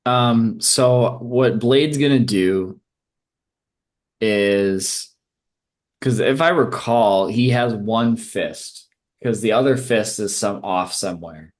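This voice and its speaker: A man's voice: fairly low pitch, slow. A man playing a tabletop game, joking around and talking loosely. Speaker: player. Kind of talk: casual tabletop game chat.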